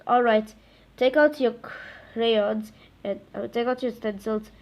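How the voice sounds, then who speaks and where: Lady reading as a cranky strict old schoolteacher, snaps orders, kinda high voice. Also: steady tone, slow pace, highs cut off. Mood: bossy. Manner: snapping, harsh commands. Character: strict grumpy older female teacher.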